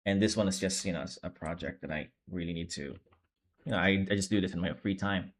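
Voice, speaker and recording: A sleepy, low-energy young man streams while drawing manga, talking in a deep, fairly quick voice. His casual chat is rambling and laid-back, and he keeps correcting himself.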